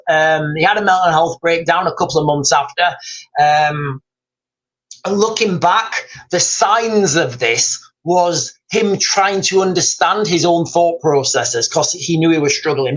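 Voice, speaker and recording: A man's voice: on the high side, fairly bright tone, rough recording. A man hosting a casual livestream, rambling, repeating himself and reading out viewer comments. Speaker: livestream host. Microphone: streaming mic.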